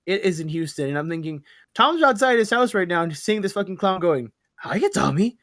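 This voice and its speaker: Young guy rambling on a podcast, swears a lot, voice a bit high, dry close sound. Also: lively intonation, fairly quick, fairly bright tone, dry recording. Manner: rambling, profane, stumbles over words. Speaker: podcast host. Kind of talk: casual chat.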